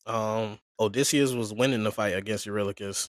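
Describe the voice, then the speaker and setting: A man's voice: on the low side, a little fast, no room sound, studio quality. A man casually retelling a story on a podcast, acting out the characters' lines in slang. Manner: animated retelling with slangy acted quotes. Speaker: podcast co-host.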